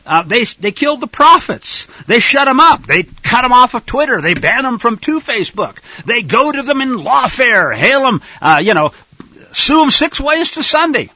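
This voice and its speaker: Animated high-voiced male preacher. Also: moderate pace, no room sound. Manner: animated, rhetorical, addresses listeners as folks. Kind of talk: sermon-style Bible teaching. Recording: dull lo-fi recording.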